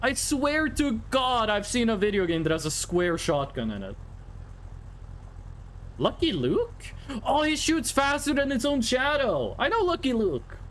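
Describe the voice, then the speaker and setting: A man's voice: very high-pitched, big pitch swings, unhurried, a bit bright, a little hiss or hum. A man rambling playfully while streaming a driving game, joking and humming tunes. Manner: playful, rambling, sings snatches of songs. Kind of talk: casual live-stream gameplay chat.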